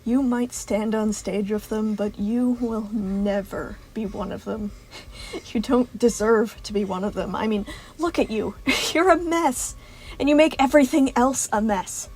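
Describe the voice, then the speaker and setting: A woman's voice: fairly high pitch, unhurried, darkish tone, breathy edge. A woman voicing a cruel, mocking female tormentor who scolds with contempt, in a fan audiobook reading. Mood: sneering.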